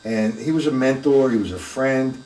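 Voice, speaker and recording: A man's voice: medium pitch, moderate pace, warm tone. An older man giving a live drum lesson, chatting casually, calling viewers by name and counting beats aloud. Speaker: drum teacher. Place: room with drum kit. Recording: echoey room, from a distance, with music.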